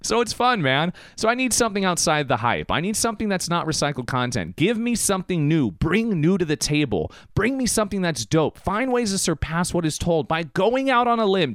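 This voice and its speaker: A man's voice: high voice, big pitch swings, a little fast, few pauses, no room sound, studio quality. A man hosting a podcast and delivering an enthusiastic, hyped-up pep talk. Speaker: podcast host. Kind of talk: motivational podcast monologue.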